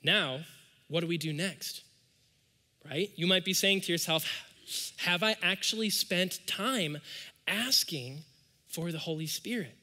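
A man with a high, very bright and forceful voice preaches a sermon in a church. He tells stories in a casual, conversational way, then slows right down on the key points. The long reverb of a large hall carries behind him. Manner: conversational storytelling preaching with dramatic slowdowns. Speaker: pastor.

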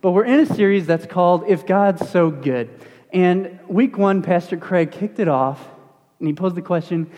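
A man's voice: high voice, moderate pace. Young male pastor preaching in a reverberant hall. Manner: conversational and animated, with self-deprecating humor. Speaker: student pastor. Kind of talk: casual sermon with stories. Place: church sanctuary.

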